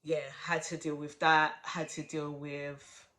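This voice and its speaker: A woman's voice: low-pitched, flat delivery, slow pace, bright, forceful tone. A woman telling a personal story on her vlog, blunt and chatty, swearing freely and talking straight to her viewers. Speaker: vlogger.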